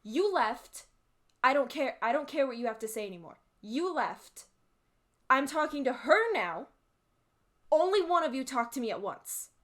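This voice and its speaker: An irate old lady customer barks short, repeated commands, as a woman acts her out. The voice sits a little high and gets louder with each order. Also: brisk, few pauses, natural voice. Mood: angry, demanding. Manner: curt repeated shouting. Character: angry old female shop customer, demanding.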